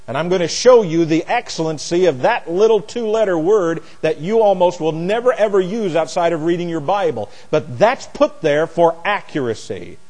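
A man's voice: on the high side, expressive, normal speed, few pauses, a little mellow, in a large hall. A man teaching a Bible lesson like a sermon, spelling out words letter by letter, with mocking asides. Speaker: preacher.

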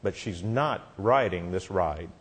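Stern low attendant guy, as a preacher acts him, slow and firm. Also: lively intonation, slightly rough, heavily acted. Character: stern ride attendant man, unbending.

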